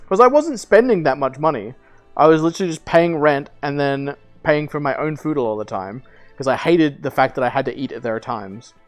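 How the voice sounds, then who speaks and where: Here the twenty-something streamer's voice sits fairly high. He rambles through a lengthy personal tale in relaxed chat, with fillers, false starts and casual cursing.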